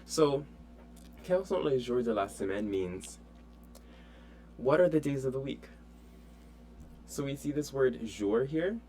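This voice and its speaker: A man teaching an online French lesson in a relaxed, chatty way with many fillers. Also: medium pitch, a little slow, long pauses, a little hiss or hum.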